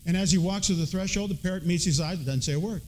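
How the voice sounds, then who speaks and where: A man's voice: high-pitched, fast, a little mellow, slight background noise, poor audio. A man preaching a sermon, earnest and emphatic, mixing folksy storytelling with scripture. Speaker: pastor.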